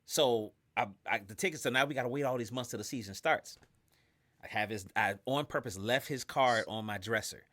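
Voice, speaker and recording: A man's voice: mid-range voice, fairly quick, a bit bright, dry recording. A man, a pastor and writer, telling a story as a guest in a casual interview. He talks in loose slang and acts out the people in his story.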